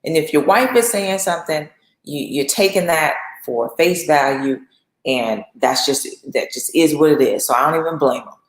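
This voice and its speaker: A woman teaching in a casual, conversational sermon style, telling a story with lively acted asides. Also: low-pitched, normal speed. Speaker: host and speaker. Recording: echoey room.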